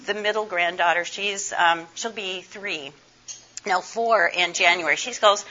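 An older woman, hoarse and scratchy from laryngitis, giving a chatty conference presentation and asking the audience questions. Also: medium pitch, moderate pace, pushed and bright. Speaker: conference speaker. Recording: dull lo-fi recording.

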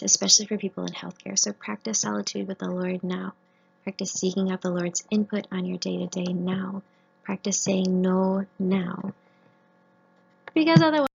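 Woman in her thirties, gravelly and husky voice, earnest testimony, muffled lo-fi recording. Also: mid-range voice. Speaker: family physician speaker. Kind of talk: faith-based talk to trainees.

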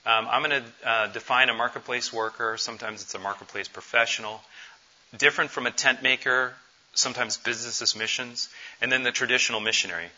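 A man's voice: mid-range voice, steady tone, fairly quick, bright, forceful tone, muffled recording. Earnest man giving a conference talk. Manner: earnest, conversational, many fillers. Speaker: missions conference speaker.

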